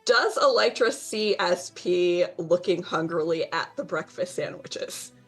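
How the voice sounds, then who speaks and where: Breathy woman with wry quips. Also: fairly low pitch, lively intonation, unhurried. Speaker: player. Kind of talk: casual chat at a game table.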